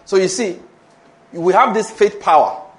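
Nigerian pastor guy preaching, high voice, keeps asking do you understand, calls for amen. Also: unhurried. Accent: Nigerian English. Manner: animated preaching with rhetorical questions and call-and-response. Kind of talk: sermon.

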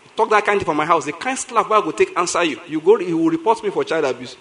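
Nigerian pastor guy preaching, pretty high voice for a man, animated, repeats stuff for emphasis, laughs a lot. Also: fast. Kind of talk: sermon.

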